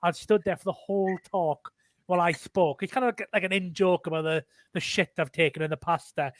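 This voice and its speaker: A man's voice: sits high, steady tone, a little fast, dry recording. A man with a Welsh accent, the guest author in a casual online chat, talking candidly with many restarts.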